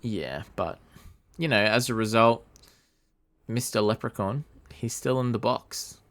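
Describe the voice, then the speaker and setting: A man's voice: lowish voice, a little slow, a bit bright. A man co-hosting a podcast, casually recounting a film plot, laid-back with some swearing. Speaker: podcast co-host. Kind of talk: casual film-recap chat.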